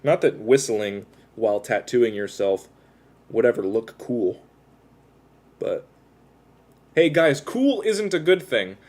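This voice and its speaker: A man's voice: medium pitch, lively intonation, slow pace, pauses often, darkish tone. A man chatting casually with his viewers on a livestream, rambling and self-deprecating as he talks while tattooing himself.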